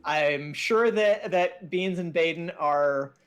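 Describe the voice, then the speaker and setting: A man's voice: a little high, slow, smooth. A man co-hosting a casual podcast chat, joking and self-deprecating. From United States. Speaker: podcast co-host.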